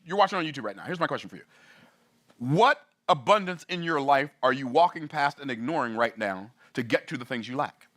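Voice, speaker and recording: A man teaching in a sermon style, animated and playful, asking his audience rhetorical questions. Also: on the high side. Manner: animated, playful, acts out voices and laughs at his own jokes. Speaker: business teacher.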